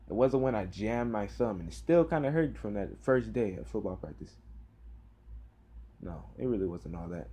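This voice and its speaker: A teenage boy talking casually to camera in a tired, rambling way, with sighs and halting fillers. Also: fairly low pitch, lively intonation, dark tone, breathy edge. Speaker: vlogger. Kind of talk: casual talk to camera about football practice.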